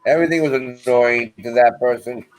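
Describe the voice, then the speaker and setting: A man's voice: medium pitch, a little fast, a little hiss or hum. A man on a casual livestream, mostly chiming in with short agreeing remarks. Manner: brief agreeing interjections.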